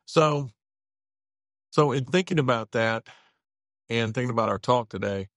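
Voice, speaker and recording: A man's voice: medium pitch, unhurried, a bit bright, no echo. A man with a mid-range voice co-hosts the interview and asks long questions. He circles back and restarts phrases as he searches for words. The recording is dry and close. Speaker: co-host, pastor.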